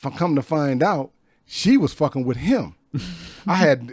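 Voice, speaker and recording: A man in his fifties, a guest on a podcast, telling stories in a slangy, profane, animated way in a studio. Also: fairly high pitch, measured pace, dry recording. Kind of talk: casual storytelling.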